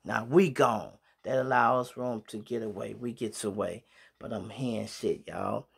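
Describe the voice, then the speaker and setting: A man's voice: lowish voice, measured pace, gravelly, breathy edge. A middle-aged man from Chicago with a Chicago accent, telling street stories to his viewers in slang-heavy casual talk. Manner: animated storyteller acting out sounds and voices.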